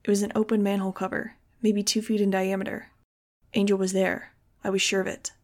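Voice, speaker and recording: Woman, audiobook reader, first-person narration, steady, expressive, gravelly, fry. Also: mid-range voice, a little fast.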